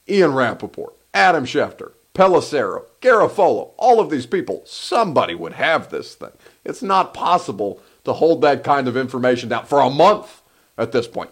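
A man hosting a solo live sports talk show, animated and rambling, often breaking off mid-sentence. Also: medium pitch, normal speed, husky. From Egyptian heritage. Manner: animated, rambling, self-interrupting.

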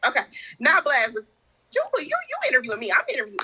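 A woman with a strikingly bright, sharp-edged voice talks as a guest on a conversational podcast. She speaks openly and from the heart, telling her story in an animated, casual way. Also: high-pitched, fast talker, rough recording.

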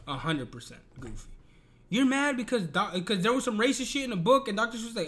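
High-voiced, exasperated man ranting. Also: sing-song, fast talker, a bit bright. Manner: profane, exasperated, emphatic. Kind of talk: casual ranting commentary.

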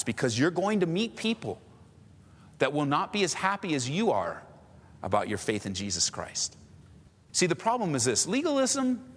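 A man's voice: a little high, long reverb tail. A man preaching a sermon in a conversational way, acting out little scenes as he goes. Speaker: pastor.

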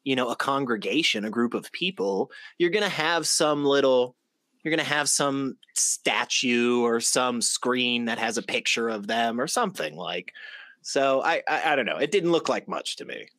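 Regular-pitch guy co-hosting, lots of likes and you knows, dry close sound. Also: expressive, normal speed, a bit bright, dry recording. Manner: rambling, many fillers like "like" and "you know". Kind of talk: casual debate chat.

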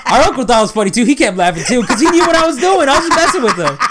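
A man's voice: extremely high pitch, big pitch swings, very fast, heavy background noise. A man telling a joking family story in casual chat, often laughing as he talks.

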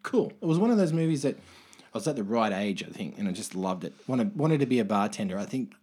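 A man talks easily as a podcast guest, with a husky, breathy edge to his voice. He sounds relaxed and knows his films well. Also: on the low side, fast talker. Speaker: podcast guest, film interviewer. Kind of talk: casual chat.

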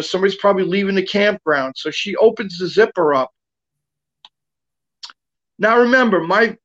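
A man's voice: high-pitched, a bit bright, muffled recording. A man guest telling a long personal story in casual talk, rambling with lots of fillers and restarts.

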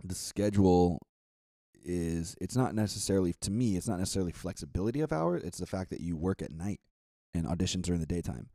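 A man chatting casually about serving tables, cussing and blunt. His voice is deep and very dark and mellow. The sound is dry and close. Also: expressive, fast talker, creaky, no room sound. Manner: blunt, profane, enthusiastic. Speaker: restaurant server. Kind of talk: casual chat.

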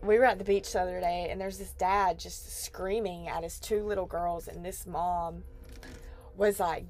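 A woman in her twenties hosts a podcast, chatting casually and rambling with plenty of "like" fillers. Her mid-range voice is a little mellow, with a steady tone and moderate pace.

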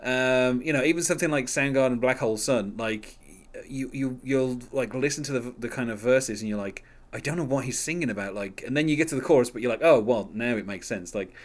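A man's voice: mid-range voice, brisk. A man hosting a casual music podcast, rambling with many fillers and restarts and laughing often. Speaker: podcast host.

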